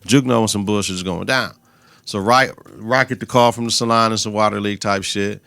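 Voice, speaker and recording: A man's voice: on the low side, fairly even intonation, brisk, gravelly, bright, forceful tone, dry recording. A man hosting a podcast, giving a loose, slang-heavy, profane recap of a TV episode into a close mic. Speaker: podcast host.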